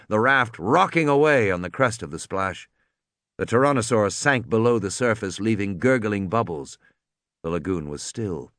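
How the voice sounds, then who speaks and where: A man narrating a story aloud, expressive, doing voices for the characters. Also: medium pitch, dry recording, clean studio sound. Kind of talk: audiobook reading.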